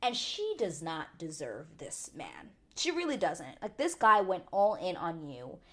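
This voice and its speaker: A woman casually recapping a reality dating show, chatty and opinionated, full of "like" fillers and high indignant outbursts. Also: sing-song, unhurried. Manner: rises to high indignant exclamations. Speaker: TV recap vlogger.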